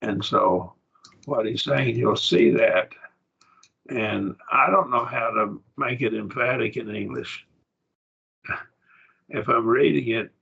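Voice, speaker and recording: Gravelly-voiced man teaching Greek grammar. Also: medium pitch, bright, forceful tone, muffled recording. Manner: patient, explaining step by step with frequent checks. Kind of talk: classroom lesson.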